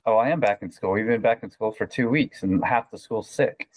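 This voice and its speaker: A man's voice: fairly low pitch, fairly quick, darkish tone, no echo, low-quality recording. A man joining a chat podcast as a guest, telling stories in a wry, joking way. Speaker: patron guest. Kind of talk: casual chat.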